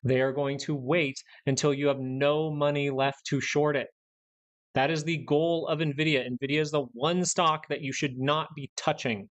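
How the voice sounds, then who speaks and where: A man's voice: a little high, fairly even intonation, normal speed. A young man hosting a live stock market stream, ranting bluntly and repeating points for emphasis. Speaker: stock market livestream host.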